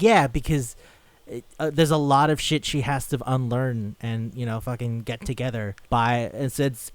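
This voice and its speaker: A man's voice: medium pitch, no room sound. A man co-hosting a podcast in casual chat, swearing freely and acting out quotes as he talks. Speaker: podcast co-host.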